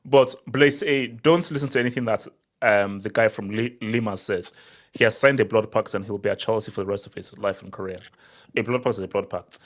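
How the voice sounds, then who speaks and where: A man hosting a casual football chat show, animated and teasing, often repeating words as he cuts in. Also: fairly low pitch, a little fast.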